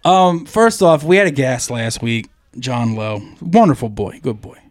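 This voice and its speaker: A man's voice: mid-range voice, expressive, a little slow, dry recording, clean studio sound. A man co-hosting a podcast in crude, rambling comedic banter, swearing and laughing often. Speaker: podcast co-host.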